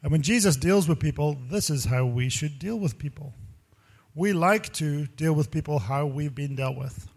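A male pastor giving a sermon full of personal stories, talking in an animated, rambling way and laughing often. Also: a little high, moderate pace.

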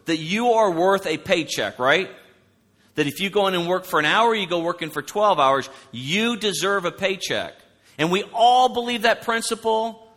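A man preaching a sermon, loud and animated, telling stories from the pulpit. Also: fairly high pitch. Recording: long hall reverb.

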